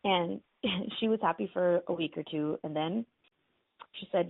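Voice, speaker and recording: Woman radio host, casual storyteller, gravelly voice on a dry, tinny phone line. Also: lowish voice, measured pace, dry recording. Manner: chatty, lots of "like" and "you know". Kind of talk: casual fairy-tale retelling.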